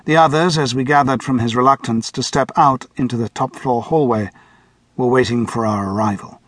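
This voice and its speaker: A man narrating an audiobook in the first person, measured and steady, close to the mic. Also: mid-range voice, dry recording. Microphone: close studio mic.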